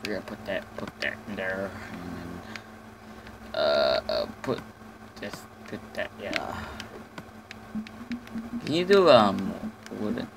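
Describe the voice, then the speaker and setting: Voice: sits low, sing-song, takes it slowly, long pauses, noisy background. A gamer giving casual, jumpy commentary on his own play, with lots of swearing, panicked yelps and idle humming. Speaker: lets-play host.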